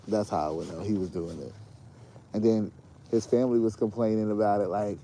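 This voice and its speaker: Low-voiced man telling stories, swearing freely. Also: fast talker, gravelly, slight background noise. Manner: animated storyteller, swears freely, laughs often. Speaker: podcast host. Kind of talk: casual late-night chat.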